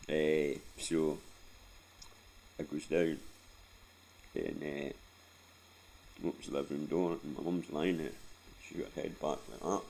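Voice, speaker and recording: Very deep gravelly Scottish man. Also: lively intonation, slow pace, pauses often, darkish tone, a little hiss or hum. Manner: rambling and sweary, keeps checking in with "right?". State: emotional, close to tears. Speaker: vlogger. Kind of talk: personal storytelling.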